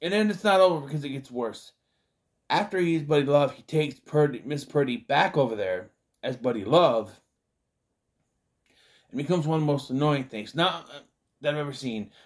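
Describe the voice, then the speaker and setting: A man's voice: on the high side, lively intonation, moderate pace, pauses often. A man reviewing an old comedy film in a casual vlog, rambling with restarts and fillers.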